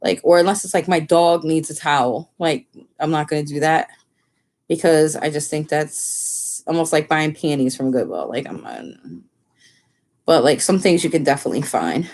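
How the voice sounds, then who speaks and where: A woman's voice: normal speed, darkish tone. A woman chatting casually on a home live stream, rambling with lots of fillers. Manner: slips into high baby talk with her dog. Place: family home.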